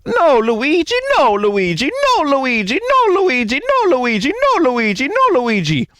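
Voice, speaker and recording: Squeaky panicky plumber guy, a man putting it on, pleading over and over, pitch jumping all around, dry close sound. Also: huge pitch swings, measured pace, a bit bright, dry recording, full character voice. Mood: frantic. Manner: shrill, repetitive pleading.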